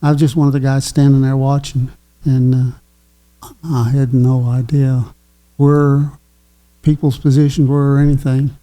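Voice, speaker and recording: A man's voice: medium pitch, level tone, dark tone. Chuckling older man. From Kentucky. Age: 80s. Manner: chuckling, folksy, halting with fillers. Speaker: guest. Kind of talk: casual storytelling.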